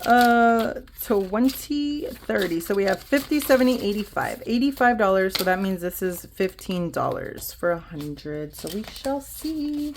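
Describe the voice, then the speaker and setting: A woman's voice: medium pitch, animated, unhurried, few pauses, a little hiss or hum. Budgeting vlogger, female, 30s, chatty and rambling, talks straight to viewers. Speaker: budgeting vlogger stuffing cash envelopes. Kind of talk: casual chatty vlog while counting cash.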